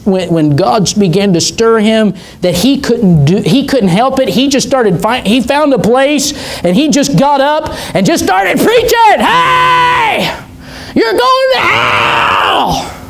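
A man preaching a sermon in a church, telling stories with fervor and building to shouts. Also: high voice, slight background noise. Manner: fervent storytelling preacher, rising to shouts. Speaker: pastor. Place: church sanctuary.

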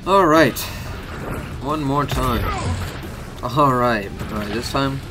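A young man giving let's-play commentary, excitable, swearing a lot and yelping and shouting when his character takes hits. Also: medium pitch, slow pace, music in the background. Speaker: gaming YouTuber.

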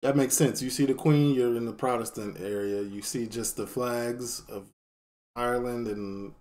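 Male reaction host from Chicago, laid-back slangy delivery, ordinary middle pitch. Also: normal speed. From Chicago, USA. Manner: relaxed, loose slang, trailing off. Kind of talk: casual reaction commentary.

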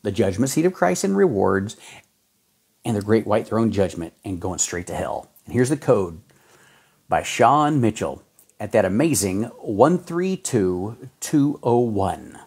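A man preaching a fervent sermon, folksy and exhorting, with sudden jumps in pitch as he reads scripture. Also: very animated, measured pace, gravelly, a little mellow, husky. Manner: folksy, says y'all and man.

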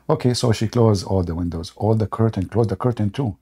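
A man hosts a debate show in a loose, mocking monologue, drifting into long personal anecdotes. His voice is husky and raspy, with a dark, mellow tone. He chuckles often as he talks. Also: lowish voice, brisk, few pauses. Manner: rambling anecdotal storytelling.

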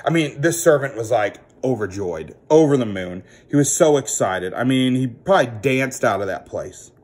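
A man teaching children a Bible story as a children's ministry teacher, animated and acting out the characters. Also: medium pitch, moderate pace, breathy edge.

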